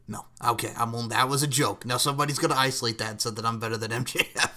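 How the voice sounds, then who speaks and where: Male podcast host, bright tone, rambling jokes, casual chat. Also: mid-range voice, very fast. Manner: rambling, joking, playful.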